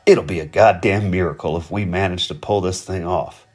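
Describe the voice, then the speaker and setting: Man playing a gruff profane criminal, low drawl, husky, faint music behind. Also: fairly even intonation, normal speed, a little mellow. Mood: exasperated. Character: Hank, a gruff, cursing male criminal.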